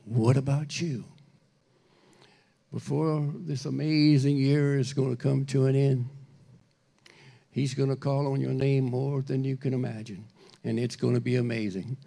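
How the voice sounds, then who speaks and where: A man preaching a sermon in a conversational, animated way, speaking directly to the congregation. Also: medium pitch, normal speed, vocal fry. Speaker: pastor.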